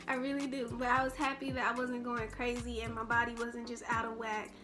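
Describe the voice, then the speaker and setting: A woman's voice: fairly high pitch, monotone, normal speed, over music. A young woman telling a personal story in a casual storytime vlog, rambling and full of restarts. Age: young adult. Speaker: vlogger.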